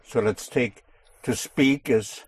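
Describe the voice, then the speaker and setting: A man's voice: mid-range voice, slow pace, slightly rough. A man teaching a language lesson, patiently explaining and drilling words, checking in with "yes?" as he goes.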